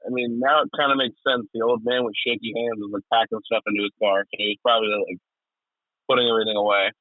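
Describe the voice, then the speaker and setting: Podcast co-host, male, excitable and sweary, thin phone-like sound, dry. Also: fairly low pitch, quick pace, dry recording. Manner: excitable, swears, laughs a lot. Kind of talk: casual chat.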